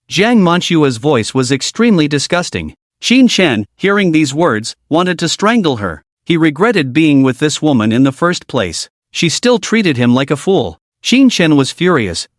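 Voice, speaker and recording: A man narrating a scripted story recap in an even, steady reading manner. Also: a little high, normal speed, few pauses, no echo, clean studio sound.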